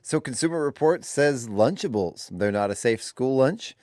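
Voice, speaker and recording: A man's voice: mid-range voice, animated, normal speed, darkish tone, dry recording. Chatty male radio co-host, dry studio sound. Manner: chatty, laughs easily, reads items aloud with restarts. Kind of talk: casual morning radio banter.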